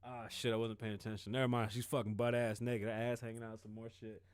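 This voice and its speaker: A man's voice: lowish voice, little pitch movement, quick pace, a little hiss or hum. A middle-aged man hosting his own podcast, talking in a profane, emotional and rambling confessional way. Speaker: podcast host. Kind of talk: candid solo podcast monologue.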